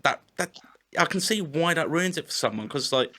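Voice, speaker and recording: Musician guy on a podcast, bright sharp voice, rambling and swearing, backs up and fixes what he said. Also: fairly high pitch, animated, a little fast. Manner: rambling, swears casually, self-corrects. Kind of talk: casual podcast chat.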